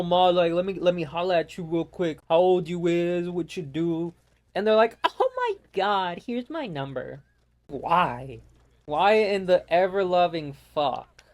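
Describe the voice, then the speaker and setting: A young man ranting casually with lots of swearing while commenting over his gameplay. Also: high-pitched. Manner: profane, exasperated ranting. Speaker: gaming YouTuber.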